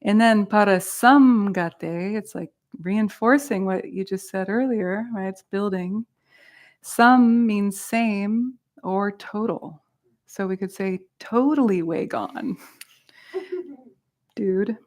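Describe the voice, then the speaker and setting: A woman from Central California teaching a Buddhist meditation class, explaining gently with a light, playful touch. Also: mid-range voice, slow.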